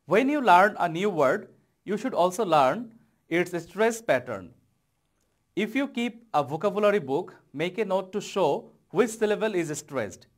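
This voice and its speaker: A man with a Bangladeshi accent teaching an English lesson, explaining slowly and leaning hard on key words. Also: high voice, lively intonation. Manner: slow, deliberate explaining with stressed key words. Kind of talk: televised classroom lesson.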